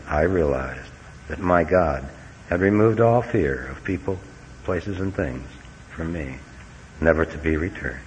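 A middle-aged man giving a folksy, earnest personal talk as a recovery meeting speaker, with wry humor. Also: deep voice. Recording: dull lo-fi recording with faint hiss.

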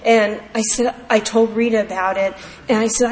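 A woman's voice: on the high side, fairly even intonation, moderate pace, darkish tone. A woman candidly sharing her personal recovery story at a meeting, in a heartfelt storytelling manner. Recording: echoey hall with faint background noise.

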